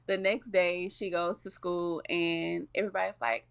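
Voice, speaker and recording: A woman's voice: on the low side, unhurried, gravelly, clear, resonant tone. A woman co-hosting a casual chat, retelling a cartoon and acting out the characters' lines. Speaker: podcast co-host.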